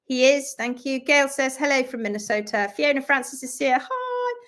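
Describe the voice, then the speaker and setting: Chatty woman hosting a live stream. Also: high voice. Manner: chatty, greets viewers and reads out their comments; lively and talkative, with quick asides. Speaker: host of a live stream on hoof care. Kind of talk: casual live-stream chat.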